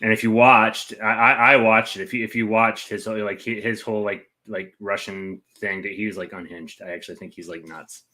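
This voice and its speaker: A man's voice: on the low side, little pitch movement, brisk, hardly any pauses, pushed and bright. A man co-hosting a casual chat show, talking in a loose, rambling way. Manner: rambling, full of "like" fillers. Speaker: co-host.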